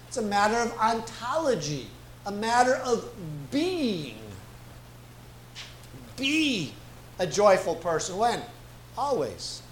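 A man preaching as a guest pastor, slow and emphatic, repeating key phrases for weight. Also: sits high. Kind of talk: sermon. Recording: echoey room with faint ambient noise.

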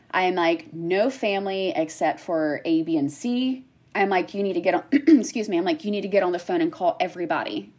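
30s woman, kinda husky, low voice, chatty storytelling, jumps into everyone's voices. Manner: animated, acts out other people's lines in quick bursts. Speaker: guest sharing a personal story. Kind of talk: conversational storytelling.

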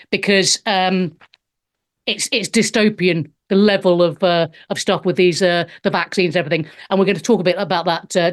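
A woman in her fifties, a stand-up comedian hosting a show, sarcastically reading out and mocking news headlines, swearing freely. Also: on the low side. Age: 50s. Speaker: host.

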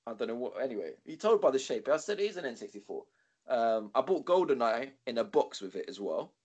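A man, co-hosting a podcast, telling a rambling, sweary story with animated quoting. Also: medium pitch, quick pace, breathy edge, highs cut off. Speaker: podcast co-host. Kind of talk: casual storytelling chat.

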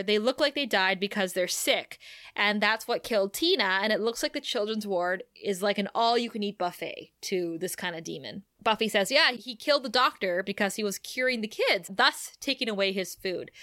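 A woman co-hosting a podcast, recapping a TV episode in casual chat, animated and laughing often as she acts out the quoted lines. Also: mid-range voice, dry recording, clean studio sound.

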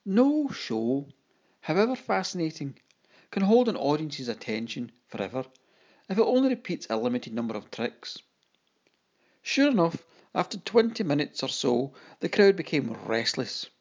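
An audiobook narrator giving a dramatic, expressive first-person reading and voicing the quoted lines. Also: medium pitch, moderate pace, highs cut off.

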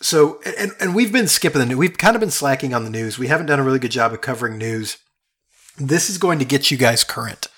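Male podcast co-host, husky, casual, conversational. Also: medium pitch, expressive, fast, a bit bright. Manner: chatty, fond of restarts.

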